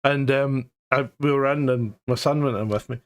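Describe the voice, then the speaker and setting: A man's voice: mid-range voice, fairly even intonation, normal speed. A middle-aged Scottish man co-hosting a live stream, chatting casually, joking, laughing often and swearing freely. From Scotland. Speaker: co-host.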